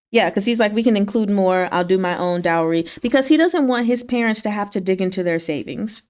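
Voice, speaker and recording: A woman talking through a novel's latest chapters in a relaxed, conversational way. Her voice sits at an ordinary middle pitch, and she keeps it chatty and wry, breaking into laughs and snapping into quick voices for the characters. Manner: chatty and wry, laughs often, acts out quick lines from the story. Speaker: book discussion host. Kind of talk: casual book chat.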